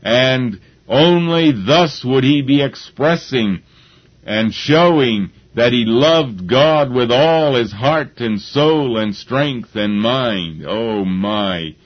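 A man preaching a sermon, slow and deliberate, with halting restarts as he gathers his thoughts. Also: medium pitch, expressive. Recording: dull lo-fi recording.

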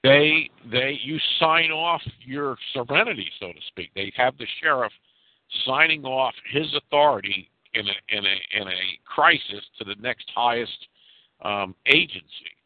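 A man's voice: medium pitch, measured pace, no room sound. Man from New York State, rambling call-in talker with restarts, phone-line sound, dry. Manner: rambling storyteller, restarts often. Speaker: caller. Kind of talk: conference call chat.

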